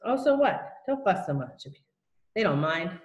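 A cheeky, giggly young schoolboy, as a woman reading aloud puts him on, mumbling and smug by turns. Her low-set voice has a roomy echo around it. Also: very animated, normal speed, dull audio. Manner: mumbling, then giggling helplessly.

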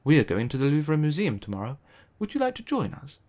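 A man's voice: a little high, huge pitch swings, a little fast, a little mellow. A man voicing a friendly young boy. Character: friendly young French boy, helpful guide.

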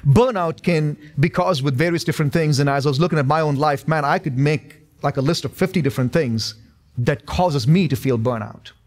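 Higher-voiced pastor preaching with emphasis. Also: male voice, brisk. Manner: repetitive, emphatic preaching with humor. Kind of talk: sermon. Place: church sanctuary.

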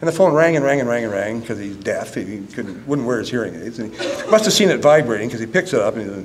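A man's voice: medium pitch, quick pace, a little hiss or hum. A man in his fifties, a school counselor, giving a humorous conference talk that turns earnest. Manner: animated storyteller, laughing, then earnest. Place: conference room.

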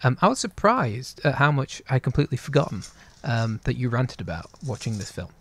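Co-hosting a casual talk show, a man rambles in an easygoing way. He talks fairly quickly, with a medium pitch and a sing-song delivery.

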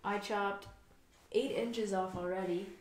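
A woman co-hosting a casual podcast, talking in a quick, chatty way with lots of "like" and frequent laughs. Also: medium pitch, steady tone, echoey room. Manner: chatty, says "like" a lot, laughs often. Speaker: podcast co-host. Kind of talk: casual chat. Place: quiet room at home.

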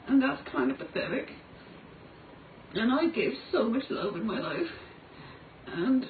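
Irish woman, confessional monologue, raw, swearing, pleading; distant, roomy phone audio. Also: mid-range voice. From Ireland. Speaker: singer making a personal video. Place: motel room. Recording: echoey, distant, tinny phone-like audio with faint noise.

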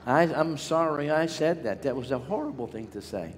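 A man's voice: fairly high pitch, animated, normal speed. An older man preaching a revival sermon as a healing evangelist, calling out to the crowd. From Pittsburgh area, USA. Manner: exhorting, calls out to the crowd. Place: large church sanctuary. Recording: reverberant hall with music.

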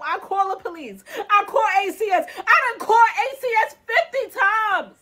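A woman's voice: very high voice, expressive, moderate pace, hardly any pauses, bright, forceful tone. A woman in her thirties, a mother venting in an exasperated, repetitive, pleading way in a vlog rant.

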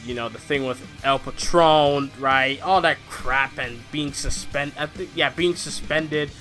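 A man reviewing wrestling shows in a casual, rambling, excitable way, swearing now and then. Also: on the high side, unhurried, soft background music. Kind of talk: casual commentary vlog.

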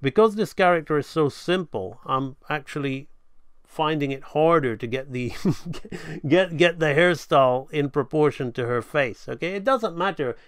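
A man's voice: a little high, moderate pace, fairly bright tone, no room sound, clean studio sound. A man giving a rambling live drawing tutorial, thinking aloud and correcting himself as he sketches at his home setup. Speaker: animation instructor.

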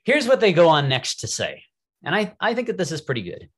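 Male Bible class teacher, young adult, lively wry lecture delivery. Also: high voice, brisk, slightly rough. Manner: animated, wry, thinking aloud.

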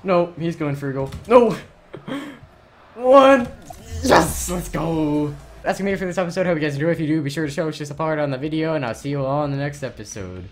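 Excitable man yelling over gameplay. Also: fairly high pitch, rapid-fire, few pauses, soft background music. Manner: excitable, yells and laughs at plays. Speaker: gaming channel host. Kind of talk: live gameplay commentary.

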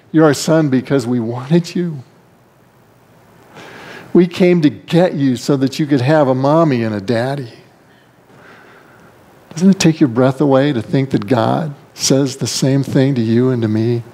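A man preaching a sermon in a church sanctuary. His pitch sits in an ordinary middle range. He leans hard on key words, then drops into quick, quieter asides. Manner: emphatic, swings between soft asides and raised stresses. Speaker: pastor.

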